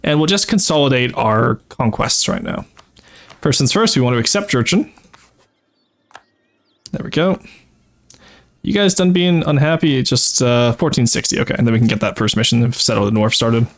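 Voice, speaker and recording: Here a man in the mid-range speaks animatedly at a moderate pace, leaving long pauses. It's casual live-stream commentary: he plays a strategy game, thinking aloud and walking through his tactics with frequent "uh"s and corrections of himself.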